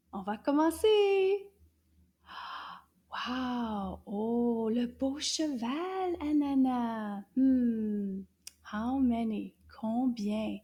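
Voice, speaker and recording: A woman with a high, airy voice leads a children's French lesson. She takes her time, gasps with delight and often drops into soft half-whispers. She switches between French and English and coaxes young listeners to repeat after her. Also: slightly rough. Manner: animated and exaggerated, gasping with delight, dropping into soft half-whispered asides.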